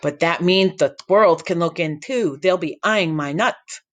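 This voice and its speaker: A man's voice: on the high side, unhurried, fairly bright tone. A man voicing an odd, cheeky boy camper who talks with a lisp. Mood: goofy.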